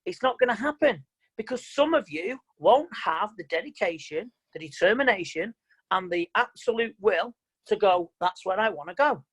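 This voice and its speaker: A man's voice: sits high, lively intonation, normal speed, breathy edge, low-quality recording. A man giving an online motivational seminar as a mind coach, talking in an emphatic, plain-spoken and repetitive way over a video call.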